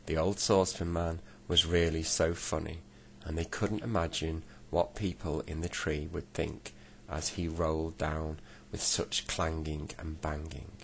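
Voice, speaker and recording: Low, gravelly man reading a bedtime story. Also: flat delivery, fairly bright tone, slight background noise. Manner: unhurried, with small slips and self-corrections. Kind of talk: reading a children's book aloud.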